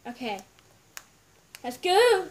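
Woman, gaming commentary, high voice, giggly, chatty, talks to viewers. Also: big pitch swings, extremely slow, slight background noise. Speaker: gameplay video host.

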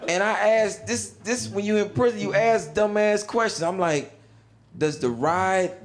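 A man's voice: high-pitched, a little slow, noisy background. A stand-up comedian telling a prison story in a laid-back drawl, acting out other people's lines and laughing at his own. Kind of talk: stand-up storytelling over animation.

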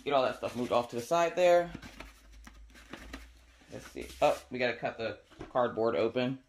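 A woman's voice: normal speed, slight background noise. Chatty woman unboxing a craft kit. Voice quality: squeaky today. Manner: chatty and enthusiastic, squeals with excitement. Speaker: crafting video host. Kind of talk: casual unboxing chat.

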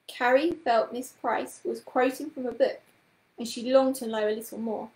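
A woman storyteller reading a children's book aloud with a gentle, expressive manner. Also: fairly high pitch, normal speed, reverberant, poor audio.

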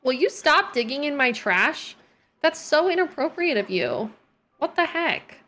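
A young woman with a slightly high voice chats her way through a gaming stream. She keeps up a loose, expressive running talk, scolding her characters and musing to her viewers between moments of play. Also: a little slow, soft background music. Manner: chatty and expressive, talks to her game characters. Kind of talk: casual gameplay chat.

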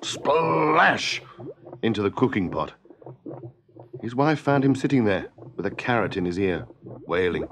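Lively male storyteller reading aloud. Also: fairly low pitch, normal speed, noisy background. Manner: lively, expressive. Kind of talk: read-aloud storybook narration.

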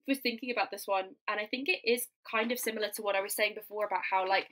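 Bright-voiced young woman, chatty. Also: medium pitch, fast talker, poor audio. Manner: animated, filler-heavy, many restarts. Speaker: guest comedian. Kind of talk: casual podcast chat.

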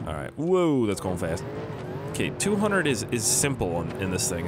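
Excitable young man narrating car gameplay. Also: on the low side, a little fast, loud music behind the voice. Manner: rambling, excitable, swears, yells when the car crashes. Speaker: gaming YouTuber. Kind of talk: casual gameplay commentary. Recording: noisy game audio behind the voice. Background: car engine sounds from the game.

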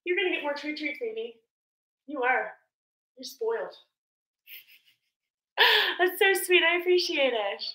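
Woman livestream host, high sharp voice, baby-talks her parrot, echoey room. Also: lively intonation, unhurried, pauses often. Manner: coos baby talk to her bird, laughs often; reads out and thanks viewer comments. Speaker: pet parrot owner hosting a livestream. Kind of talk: casual livestream chat.

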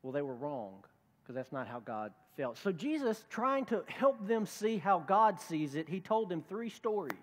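A man's voice: sits high, sing-song, normal speed, in a large hall. A male pastor preaching a conversational sermon, acting out the voices of the people he quotes. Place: church sanctuary.

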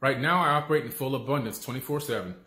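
A man's voice: medium pitch, quick pace, bright, forceful tone. Emphatic man, roomy echo. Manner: emphatic, repetitive, casual. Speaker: motivational speaker. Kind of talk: motivational talk. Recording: echoey room.

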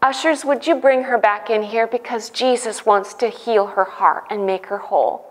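A woman voicing a calm male pastor who gives quiet, gentle instructions. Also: on the high side, moderate pace, big-room sound, natural voice. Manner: calm, soft-spoken.

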